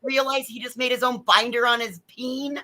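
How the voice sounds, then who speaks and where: A woman's voice: fairly high pitch, fairly even intonation, normal speed, a crowd in the background. A woman guest on a livestream, making crude, mocking jokes. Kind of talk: casual group commentary.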